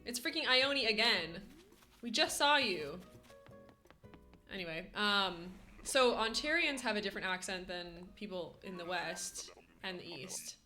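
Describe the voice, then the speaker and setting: A woman's voice: fairly low pitch, animated, a little slow, bright, forceful tone, soft background music. A Canadian woman streaming a game, chatting casually with her chat, giggly and full of "like" fillers. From western Canada. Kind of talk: casual live-stream chat while gaming.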